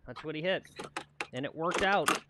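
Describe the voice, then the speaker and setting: A man's voice: fairly high pitch, moderate pace, background noise. A man co-hosting a golf livestream outdoors on the course, chatting casually and laughing often.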